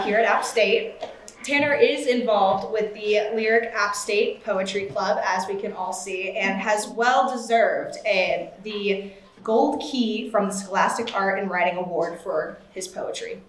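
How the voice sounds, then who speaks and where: Woman emcee, chatty, introduces readers, echoey hall, noisy backdrop. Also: on the high side. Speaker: event emcee. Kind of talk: introducing speakers. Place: stage at a live event.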